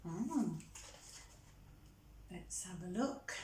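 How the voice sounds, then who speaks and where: A woman reading a picture book aloud to children, gently chatting with them between pages. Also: on the low side, lively intonation, slow, pauses often. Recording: roomy echo.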